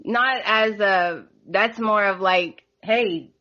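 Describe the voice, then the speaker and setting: A woman hosts a relaxed podcast conversation, her voice bright and forward. She chats easily and laughs often. The sound is somewhat dull and lo-fi. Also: mid-range voice, unhurried. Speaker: podcast host. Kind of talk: casual podcast chat.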